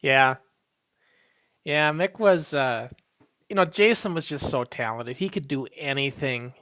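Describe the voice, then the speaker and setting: A man's voice: medium pitch, unhurried, no echo. A man who once wrestled, hosting a casual chat and reminiscing about old shows. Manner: reminiscing, relaxed. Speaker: host, former wrestler.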